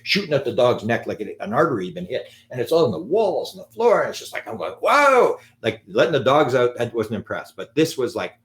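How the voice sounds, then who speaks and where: A man telling an anecdote in a live talk, animated and acting out the quotes. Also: mid-range voice, fast talker, hardly any pauses. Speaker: lecturer on UFOs.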